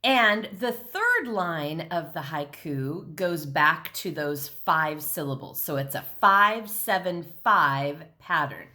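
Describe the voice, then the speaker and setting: Woman teacher, middle-aged, slow and deliberate, lowish voice, patient, clear. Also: sharp tone. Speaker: elementary school teacher. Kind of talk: recorded classroom lesson.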